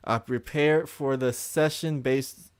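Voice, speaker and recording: A man hosting a live call-in debate, reading online reviews aloud in a measured, steady way. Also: mid-range voice, clean tone. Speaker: host.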